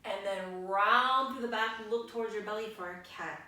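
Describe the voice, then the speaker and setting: A woman guiding a kids yoga class as the teacher, giving gentle, slow spoken cues. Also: mid-range voice, lively intonation. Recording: very echoey room, voice from far off.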